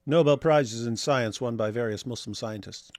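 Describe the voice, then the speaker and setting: A man's voice: mid-range voice, moderate pace, a little mellow, no room sound. A man co-hosting a casual livestream, reading viewer messages aloud and commenting in a wry, rambling way with many restarts. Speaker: livestream co-host reading super chats.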